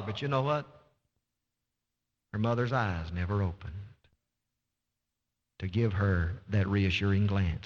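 A male pastor preaching a sermon with impassioned, dramatic delivery, stretching key words slowly for emphasis. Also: fairly low pitch, animated. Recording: dull lo-fi recording in a reverberant church hall.

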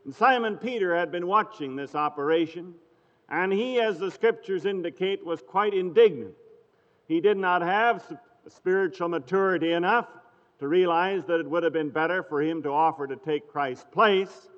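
A man preaching a sermon with a high voice, telling a scripture story at a measured pace and quoting old-fashioned scripture phrasing. The sound is dull and lo-fi, with a long hall reverb behind him. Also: a bit bright.

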